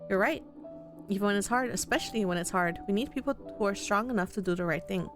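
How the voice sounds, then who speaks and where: A woman voicing a warm, doting grandmother, soothing but firm, in a visual novel. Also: medium pitch, fast talker, faint music behind, natural voice.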